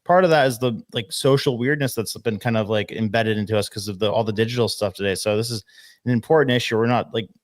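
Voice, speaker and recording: A man's voice: fairly low pitch, quick pace, dry recording, studio quality. A man hosting a casual podcast, talking loosely with plenty of fillers and laughing along.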